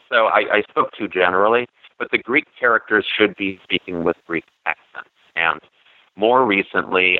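A man's voice: sits low, no echo. A man co-hosting a casual film podcast, talking in a chatty, digressive way with many fillers. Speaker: podcast co-host. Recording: dry, phone-like narrow sound.

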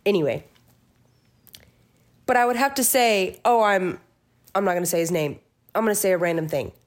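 In a lowish voice with lively intonation and a slightly quick pace, a young female podcast co-host meanders through casual stories. She performs what everyone said as she goes.

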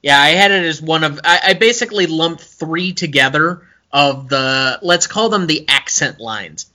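A man's voice: fairly high pitch, moderate pace, bright, forceful tone. A man co-hosting a casual film podcast, talking in an analytical way with many hesitations and fillers. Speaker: podcast co-host.

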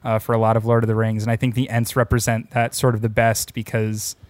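A man's voice: lowish voice, monotone, fast talker, a little mellow, no echo. A man in casual conversation, retelling movie scenes and putting on silly voices for characters.

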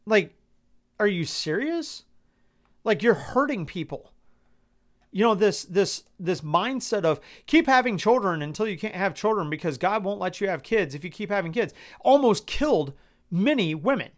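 Male podcast host with a somewhat high voice, blunt and incredulous, heavy swearing, frequent restarts. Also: big pitch swings, normal speed. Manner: exasperated, swears a lot, stammering restarts; incredulous rhetorical questions. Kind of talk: personal commentary podcast.

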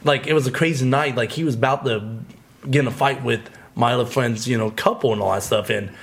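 A man's voice: mid-range voice, brisk, vocal fry. Rambling man in casual chat. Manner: rambling, many fillers. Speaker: guest, die-hard football fan.

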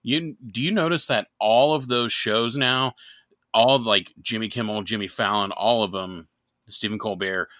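A podcast co-host from New York, a man with a somewhat low but bright, forceful voice. He rambles and jokes, swearing freely. The sound is dry and close. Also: normal speed, no room sound. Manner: joking, profane, rambling. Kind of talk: casual chat.

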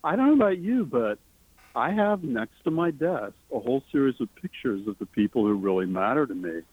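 A man, an author being interviewed, talking earnestly and enthusiastically, his pitch leaping up on the words he cares about. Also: expressive, brisk, breathy edge, no room sound. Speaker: author guest. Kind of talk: interview conversation. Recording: tinny phone line.

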